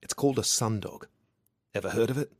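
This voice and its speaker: A man voicing a soft-spoken, calm man in an audiobook. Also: on the low side, fairly quick, no echo, clean studio sound, close to an everyday voice. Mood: gentle.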